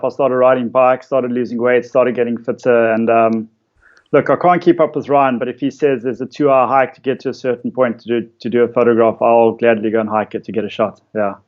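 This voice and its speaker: A man, a photographer casually telling stories about his shoots in a relaxed way, with lots of fillers. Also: medium pitch, muffled recording. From South Africa. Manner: relaxed storytelling with many fillers. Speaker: interviewed photographer. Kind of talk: casual conversation.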